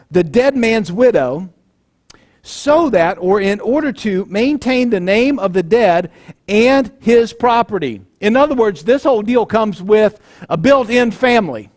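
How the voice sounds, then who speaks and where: A man's voice: high-pitched, darkish tone. A male pastor giving a sermon in a conversational way, acting out the people in the story.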